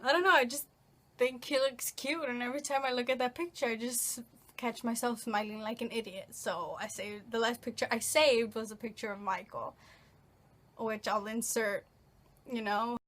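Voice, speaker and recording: A woman's voice: a little high, steady tone, normal speed, a bit bright. A woman of nineteen answering questions in a casual, rambling vlog, full of fillers and restarts. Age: late teens. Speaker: vlogger. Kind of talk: casual get-to-know-me Q&A.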